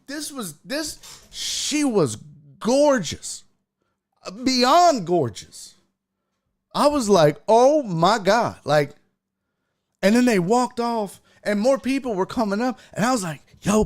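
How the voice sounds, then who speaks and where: Animated, profane man storyteller. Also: high-pitched. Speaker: sports show host. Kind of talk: casual livestream chat and storytelling.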